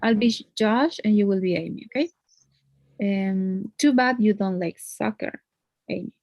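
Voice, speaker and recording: A woman teaches English grammar in a patient, step-by-step way, often checking in with a quick "no?". Her voice sits at an average pitch. It is recorded close and dry, with no room sound. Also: a little mellow, no echo. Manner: patient, explains step by step with frequent tag questions. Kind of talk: one-on-one grammar lesson.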